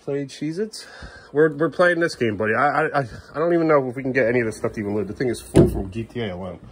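Man, thirties, dad at home, casual family vlog, coaxing, playful asides, medium pitch. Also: quick pace, heavy background noise. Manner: coaxing and playful with small children, muttering asides. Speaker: father filming his kids.

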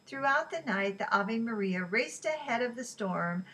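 A woman reading a novel aloud in an even, unhurried way, with small slips she corrects. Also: fairly high pitch, breathy edge, rough recording. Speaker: reader.

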